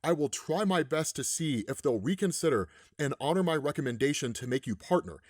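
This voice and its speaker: Dude reading as a smug old boss, dismissive, talks down, fairly high and bouncy, dry sound. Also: male voice, expressive, brisk, no room sound. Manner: dismissive, condescending.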